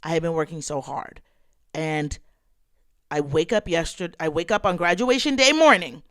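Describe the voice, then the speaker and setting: A woman in her thirties hosts a casual podcast and tells her listeners a personal story. She is tearful, yet her voice stays smooth and resonant. She speaks expressively into a dry, close microphone. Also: fairly low pitch, normal speed, dry recording. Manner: emotional, expressive storytelling, addresses listeners as y'all. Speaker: podcast host. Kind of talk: casual personal vlog talk.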